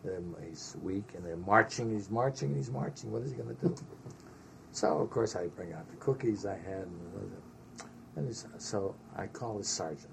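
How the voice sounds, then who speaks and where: An older man recalling his army days in an oral history interview, an animated storyteller who sprinkles in Yiddish words. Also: deep voice, gravelly, noisy background.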